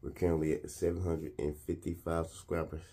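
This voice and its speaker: Laid-back man with a very deep voice. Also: flat delivery, a little fast, warm tone, breathy edge. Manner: laid-back, slangy, talks between bites. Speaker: mukbang vlogger. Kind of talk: casual eating vlog.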